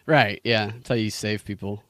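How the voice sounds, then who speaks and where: A man's voice: fairly low pitch, fairly even intonation, moderate pace, a bit bright, no room sound. A man hosting a casual podcast chat, enthusiastic and teasing, rambling as he goes.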